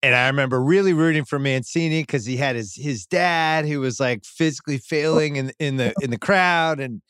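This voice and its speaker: A man's voice: a little high, moderate pace, a bit bright, clean tone, no room sound, studio quality. Chatty man hosting a podcast. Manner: chatty, reminiscing. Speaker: podcast host. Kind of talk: casual interview chat.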